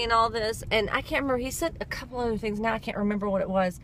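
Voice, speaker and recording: A woman's voice: a little high, fast talker, hardly any pauses, a bit bright, slight background noise. A young woman with a stuffy nose, rambling through a story in a casual vlog and laughing along the way. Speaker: vlogger.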